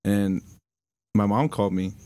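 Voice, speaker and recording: Young man telling a story, halting. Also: lowish voice, steady tone, warm tone, smooth. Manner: halting, many fillers, swears. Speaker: podcast guest. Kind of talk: casual storytelling chat.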